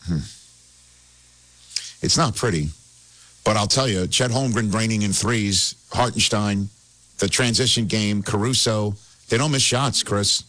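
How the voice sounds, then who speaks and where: A man hosting casual sports talk, animated and excitable, laughing as he tells it. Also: lowish voice, unhurried, long pauses, no echo. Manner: animated, excitable, laughs while telling stories.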